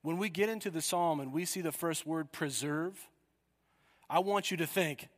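A man preaching a sermon, telling a story with sudden loud cries. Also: on the high side, moderate pace, in a large hall.

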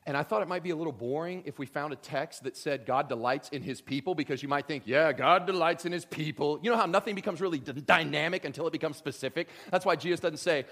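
A man preaching a sermon as pastor, joking and animated, swinging from loud lines to hushed ones. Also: fairly high pitch, fast talker, few pauses.

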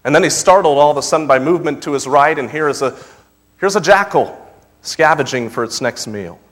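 A young male pastor preaching in an earnest voice that sits a little high. He booms through the scripture passages and drops to a near hush for personal asides. His voice carries a long reverb from a large hall. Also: animated, fairly quick. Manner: earnest preaching, swinging from loud emphatic reading to soft intimate asides. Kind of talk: sermon.

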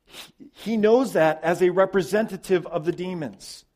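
Emphatic male preacher, fairly high voice. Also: moderate pace. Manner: emphatic, swings between loud stresses and quiet drops, repeats words. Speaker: pastor. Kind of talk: sermon.

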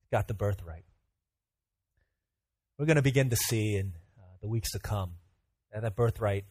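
Brief: male youth pastor, chatty sermon, animated storytelling, dry close sound. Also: medium pitch, slightly rough, dry recording. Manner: animated storytelling with fillers and asides.

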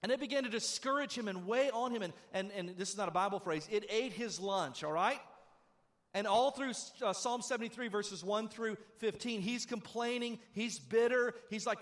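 A middle-aged male pastor preaching a sermon, animated and conversational, swinging from loud, quick bursts to low, hushed stretches.

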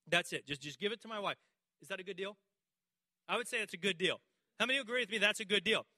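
A man's voice: sits high, fast, long pauses, sharp tone, no room sound. A male pastor preaching a sermon and telling stories, acting out dialogue with members of the congregation. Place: church.

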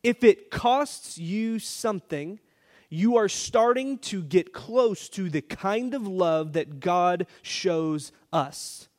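Higher-pitched guy pastor giving a sermon, chatty and playful, repeats himself for effect. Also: animated, slow pace, darkish tone. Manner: storytelling with playful asides and repetition.

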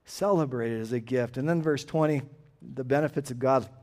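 A middle-aged man preaching a sermon, earnest, dropping to a hushed tone and then rising to emphatic calls for an amen. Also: mid-range voice, brisk. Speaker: pastor.

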